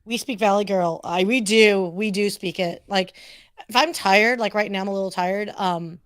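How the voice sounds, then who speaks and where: A woman's voice: medium pitch, normal speed, dry recording. A woman from Southern California with a SoCal accent, a chatty guest full of "like" and "dude". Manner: chatty, many fillers like "like" and "dude". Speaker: podcast guest. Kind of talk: casual chat.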